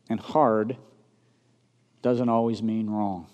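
A man preaching a sermon, swinging from loud emphatic peaks down to soft low asides and asking the congregation rhetorical questions. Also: takes it slowly, long pauses. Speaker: pastor. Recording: long reverb of a large hall.

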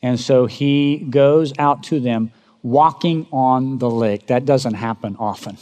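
Male pastor, dramatic sermon delivery, mid-pitched voice, long hall reverb. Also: slow. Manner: dramatic, swings from loud emphatic bursts to low quiet lines; asks the congregation rhetorical questions.

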